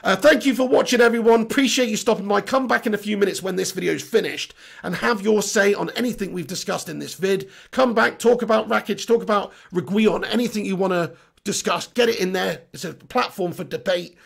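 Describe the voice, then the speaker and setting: Hoarse, gravelly football vlogger. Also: male voice, sits high, fairly quick. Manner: chatty, matey shout-outs, blunt opinions. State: hoarse, voice going. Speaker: football channel host. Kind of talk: casual live-stream chat, reading viewer comments.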